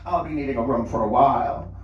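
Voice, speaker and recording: Eerie doll-like woman, read by a man, hollow, slow, flat, mechanical, echoey room, distant mic. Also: medium pitch, lo-fi sound, slight background noise, close to an everyday voice. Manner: slow, flat, echoing others' words. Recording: roomy lounge, mic at a distance.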